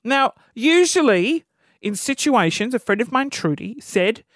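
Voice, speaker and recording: Aussie guy in his 30s doing a comedy rant, super lively up and down voice, dry close sound. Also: very high voice, measured pace, no room sound. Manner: exasperated, animated storytelling. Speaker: podcast host.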